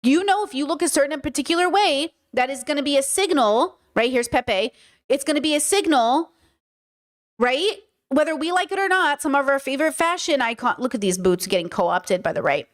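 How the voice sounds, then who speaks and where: Hosting a commentary livestream, a woman talks fairly quickly in a high, expressive voice. She makes her points emphatically, posing rhetorical questions to viewers.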